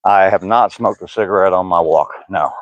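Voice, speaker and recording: A man's voice: low-pitched, moderate pace, dry recording, muffled recording. An older man joking and laughing as he reads live chat comments aloud during a walk on a trail. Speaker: vlogger. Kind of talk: casual live-stream chat while walking. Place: outdoor walking trail.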